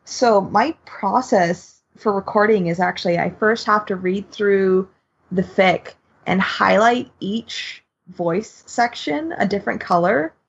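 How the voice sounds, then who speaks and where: A woman's voice: mid-range voice, slow pace, vocal fry, husky, dull audio. A woman co-hosting a podcast, chatting casually in a self-deprecating way. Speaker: podcast co-host.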